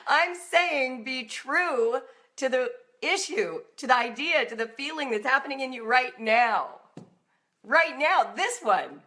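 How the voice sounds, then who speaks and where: A middle-aged woman hosting a live-streamed talk for parents, animated and now and then acting out emotional outbursts in a raised voice. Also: high-pitched, unhurried. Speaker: homeschooling author and host.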